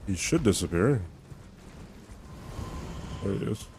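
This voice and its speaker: A man's voice: lowish voice, animated, slow pace, a little mellow, slight background noise. A young man streaming a game, chatting to viewers in a rambling, self-mocking way and laughing often. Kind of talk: casual chat while gaming.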